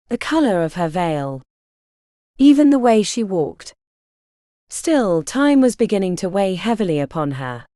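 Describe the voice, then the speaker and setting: Expressive woman narrating an audiobook. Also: mid-range voice, no echo, clean studio sound. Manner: expressive, dramatic storytelling. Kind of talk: scripted narration.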